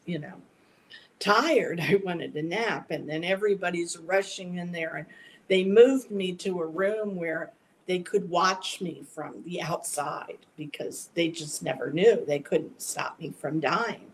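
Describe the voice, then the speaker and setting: A middle-aged woman, a guest psychic, telling a personal story in a casual, meandering way with many halting restarts. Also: on the low side, slight background noise, rough recording.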